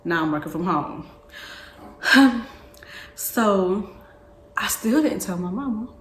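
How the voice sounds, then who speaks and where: A woman's voice: mid-range voice, expressive, unhurried, a little hiss or hum. A young woman vlogger telling a personal story in casual chat, repeating herself and backtracking as she goes. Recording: echoey room.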